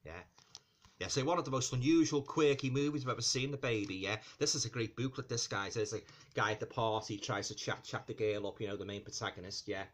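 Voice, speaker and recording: A man's voice: medium pitch, fast talker. A man giving a casual movie review for his viewers. He rambles, restarts phrases and fills gaps with "you know" and "and that", often calling his audience guys. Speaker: film reviewer.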